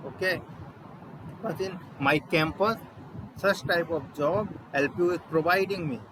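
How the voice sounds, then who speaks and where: Young Indian man, fairly high voice, hesitant practice monologue, loud traffic behind. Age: young adult. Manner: halting, searching for words, mixing in Hindi. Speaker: student practicing spoken English. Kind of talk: self-recorded practice monologue. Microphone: laptop microphone.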